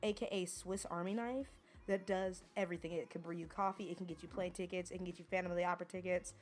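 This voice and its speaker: A woman's voice: fairly low pitch, fairly even intonation, a little mellow. A young woman co-hosting a podcast, joking wryly in casual chat. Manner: wry, joking, quick to laugh. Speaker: podcast co-host.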